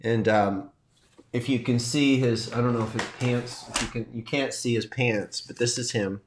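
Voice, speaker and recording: A man, a teacher and coach, telling a personal story in a halting, heartfelt way and pausing to compose himself as he gets choked up. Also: medium pitch, steady tone, background noise. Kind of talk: emotional personal sharing.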